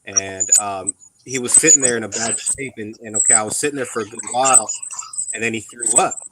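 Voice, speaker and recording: A man's voice: on the low side, a little fast, noisy background. A man in casual chat about being a veteran, talking bluntly with plenty of ums and curses. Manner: rambling, blunt and profane, with many ums. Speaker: veteran on a live radio chat.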